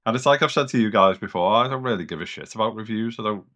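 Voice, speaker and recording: A British man co-hosting a gaming podcast chats casually in a lowish, fairly bright voice at a fast clip. He rambles loosely, swears a bit, and says "kind of" a lot.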